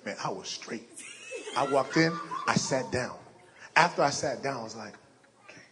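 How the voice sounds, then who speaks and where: A man's voice: mid-range voice, animated, normal speed, noisy background. A man telling a comic story in a casual, drawling way, acting out the people in it. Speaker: stand-up comedian. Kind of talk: stand-up storytelling. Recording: long reverb of a hall.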